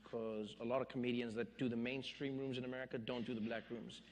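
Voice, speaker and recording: A man quoting a calm male comedian friend who gives him measured, cautioning advice. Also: mid-range voice, long reverb tail, slight background noise, pitched below the performer's own voice, natural voice.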